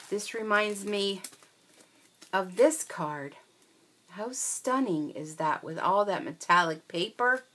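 A woman's voice: medium pitch, a bit bright. A woman craft vlogger chatting casually and gushing with delight as she shows handmade cards, with frequent ums. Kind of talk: casual show-and-tell.

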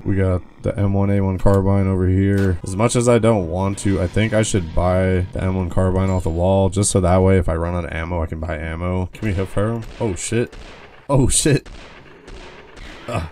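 A young man giving casual gameplay commentary as a gaming video host, excitable and swearing, yelling when he panics. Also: low voice, a little hiss or hum. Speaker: gaming YouTuber.

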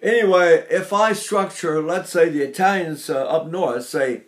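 An older man teaching singing, talking in an animated, digressive way and breaking into sung vocal demonstrations. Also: a little high, a little slow. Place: Seattle area.

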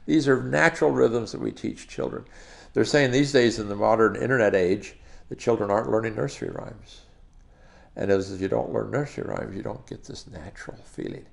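A male university professor giving a recorded lecture, explaining in a relaxed teaching manner with frequent pauses and small chuckles. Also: medium pitch, vocal fry.

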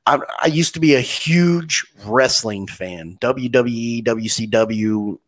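A man hosting a podcast, telling stories in a relaxed way with frequent restarts. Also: medium pitch, slow pace. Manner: relaxed storytelling, many restarts. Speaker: podcast host. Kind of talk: casual interview chat.

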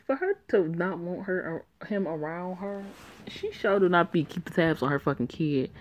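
A woman's voice: on the low side, animated, normal speed, a little hiss or hum. A woman making crude, brash asides full of swearing between the parts of her story. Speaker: storyteller voicing all the parts. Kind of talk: profane aside commentary.

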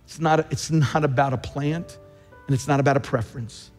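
A man's voice: mid-range voice, fairly even intonation, normal speed, darkish tone, big-room sound, soft background music. A man preaching a sermon as pastor, emphatic, repeating key phrases for weight. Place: large church.

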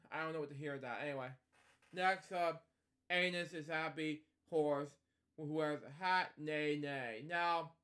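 A man's voice: a little high, fairly bright tone. Rambling man reading a picture book. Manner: rambling, stumbling asides between pages. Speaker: storyteller host. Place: at home.

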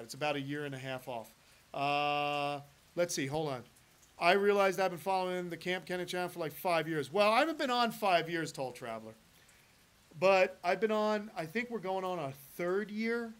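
A middle-aged man with a fairly high voice chats live with his viewers in a loose, rambling way. He hosts an animal channel and leans on fillers and restarts while answering questions. He sounds relaxed and unscripted. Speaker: host of a reptile channel.

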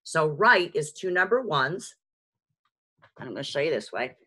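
A woman's voice: low-pitched, husky. A woman with a heavy New York accent teaching a beginner sign language lesson on a video call, chatty and frank with joking asides. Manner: lively, chatty and frank, with quick asides and self-mocking jokes. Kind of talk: live online lesson. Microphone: video call microphone.

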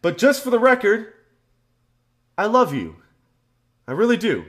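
A man ranting to camera as a vlog host, loud, profane and emphatic. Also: high voice, sing-song, a little slow. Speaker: channel host.

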